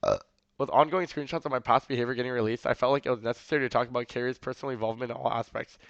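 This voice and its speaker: A gravelly young-sounding male streamer who talks fast and rambles, leaning on filler words and curses as he reacts to what he reads. His delivery stays flat and even. The audio is dry and slightly dull, like a lo-fi stream mic. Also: medium pitch, no echo. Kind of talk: casual stream reaction, reading messages aloud.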